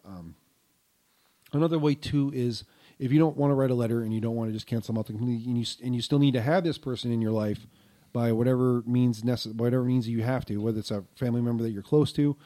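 Talking fast in a warm, medium-pitched voice with fairly even intonation, this middle-aged man co-hosts a casual podcast. His nose sounds stuffed up, and he rambles along with lots of ums and restarts.

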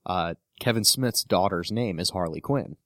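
A man with a very low voice chatting casually on a podcast, mostly giving short replies and easygoing asides. The sound is dry and close to the mic. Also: moderate pace, dry recording. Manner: brief backchannels and relaxed asides. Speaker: podcast co-host. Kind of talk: casual chat.

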